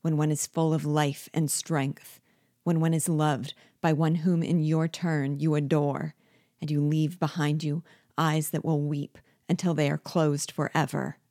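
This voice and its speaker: A woman reading aloud and voicing a horrified young nobleman of twenty who cries out in loud, outraged exclamations. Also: low voice, flat delivery, unhurried, dry recording, clean studio sound.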